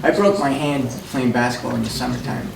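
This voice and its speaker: A man's voice: medium pitch, a little fast, vocal fry. A man speaking at a memorial, telling rambling folksy stories and laughing often. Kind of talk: anecdotal storytelling at a memorial. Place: memorial service room. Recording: distant mic in an echoey hall with noise.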